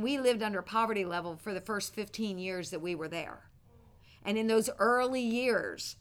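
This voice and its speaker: An older woman teaching a prophetic training class, telling a personal story and acting out her old thoughts with bursts of loud feeling. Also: mid-range voice. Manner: animated storyteller, acts out her own past thoughts loudly. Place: classroom with students.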